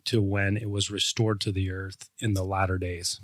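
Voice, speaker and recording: A man co-hosting a podcast who explains things in a steady way and sometimes restarts a phrase. His voice is fairly low, and the sound is dry and close. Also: moderate pace, no echo. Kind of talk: casual faith podcast chat.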